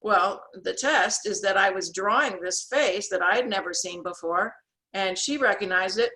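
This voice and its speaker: A woman guest on an interview show, telling lively stories with many restarts and acting out the voices of people she quotes, over a video call. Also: medium pitch, normal speed, rough recording. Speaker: guest, author and sketch artist. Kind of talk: storytelling in an interview.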